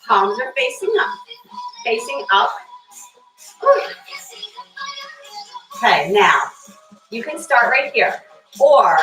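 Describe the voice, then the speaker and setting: Woman barre instructor, slightly high voice, cheerful cueing, recorded on a distant mic in a roomy space. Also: bright, forceful tone. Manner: upbeat, counts reps aloud, chats with class members by name. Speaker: fitness instructor. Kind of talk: live-streamed workout class cueing. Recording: echoey room, voice from far off, faint music.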